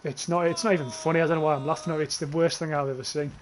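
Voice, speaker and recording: A young adult man with a voice on the high side livestreams a shooter game, talking fast with fairly even intonation. He rambles and swears, reading chat aloud and laughing at it, and there's a faint hiss or hum in the audio.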